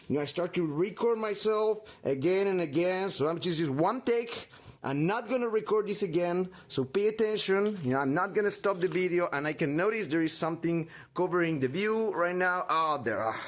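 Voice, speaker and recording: Man, slightly high voice, theatrical tutorial host, unhurried, fussy and self-dramatizing. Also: expressive. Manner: melodramatic, talks to himself with mock anxiety; halting, many restarts. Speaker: craft tutorial maker.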